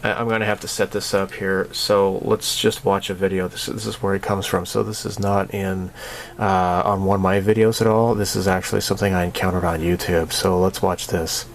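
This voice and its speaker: Low-voiced, sarcastic rambling man. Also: little pitch movement, brisk, gravelly, slight background noise. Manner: rambling and sarcastic, laughs often. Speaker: channel host. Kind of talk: casual monthly channel update.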